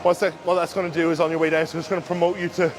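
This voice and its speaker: A man giving casual, instructive commentary during his own gym workout, talking through form cues in a relaxed way. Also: fairly high pitch, rapid-fire, over music. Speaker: bodybuilder and coach. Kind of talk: casual training vlog commentary.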